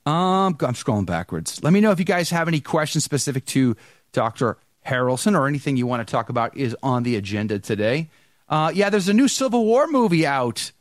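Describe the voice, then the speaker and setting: A man's voice: mid-range voice, big pitch swings, fairly quick, no room sound, clean studio sound. A man hosting a live podcast, greeting viewers in the chat one by one by name before he brings in his guest. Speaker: podcast host.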